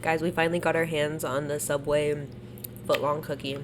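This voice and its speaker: A woman's voice: deep voice, flat delivery, normal speed, noisy background. A woman in her twenties co-hosting a podcast in casual chat, easygoing and giggly with loose phrasing. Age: 20s. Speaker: podcast co-host.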